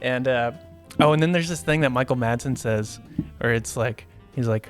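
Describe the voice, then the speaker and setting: A man's voice: mid-range voice, steady tone, fairly quick, soft background music. A man co-hosting a casual movie review podcast. He laughs often and rambles, circling back with plenty of fillers. The talk stays easygoing and conversational. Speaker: podcast co-host.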